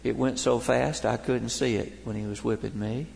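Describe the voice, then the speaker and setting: A man's voice: medium pitch, steady tone, normal speed, creaky, a little mellow. An older man preaching a sermon, telling folksy stories and jokes to his congregation. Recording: long hall reverb.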